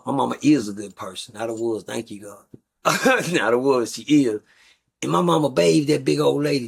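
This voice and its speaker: A man's voice: mid-range voice, gravelly, breathy edge. A middle-aged man, a guest on a talk show, telling rambling stories in a blunt, profane, casual way. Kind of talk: casual storytelling.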